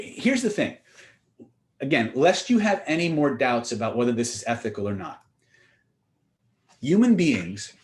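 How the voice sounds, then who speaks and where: Guy running a training seminar, punchy and direct, throws rhetorical questions at you, mid-pitched voice. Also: darkish tone. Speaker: influence and communication trainer. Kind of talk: seminar teaching with storytelling.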